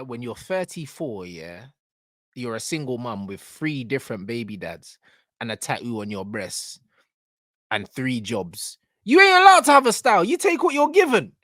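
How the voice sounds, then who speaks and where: Brash guy ranting at a clip, loud then muttering, wild swoopy voice, dead dry room. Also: a little high, no echo. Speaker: reaction channel host. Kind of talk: ranting reaction commentary.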